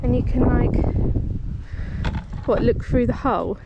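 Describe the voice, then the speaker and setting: A woman's voice: a little high, a little slow, vocal fry. A woman, chatting casually and rambling with plenty of fillers as a travel vlogger. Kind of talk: casual vlog narration. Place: outdoors on walks and in a car. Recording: muffled camera audio with loud background noise.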